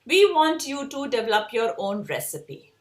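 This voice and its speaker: A woman's voice: on the high side, sing-song, normal speed, reverberant. A woman with an Indian English accent giving an earnest, emphatic motivational talk to design students as an educator.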